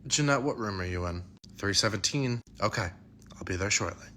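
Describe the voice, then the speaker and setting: A man's voice: fairly low pitch, expressive, fairly quick, sharp tone, a little hiss or hum. A man acting in a comedy sketch as a residence hall staffer, patient and lecturing.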